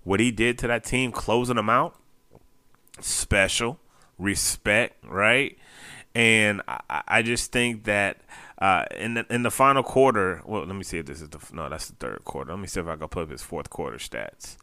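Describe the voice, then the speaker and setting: Chatty man with a bright, smooth voice. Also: lowish voice, normal speed, no echo. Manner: chatty, repeats phrases, chuckles often. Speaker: basketball fan show host. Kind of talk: casual post-game recap.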